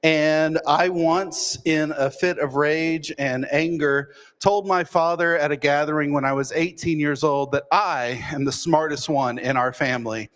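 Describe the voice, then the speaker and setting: A man from Texas, telling a humorous personal story with self-deprecating, deadpan timing. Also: fairly high pitch, unhurried, few pauses. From Fort Worth, Texas.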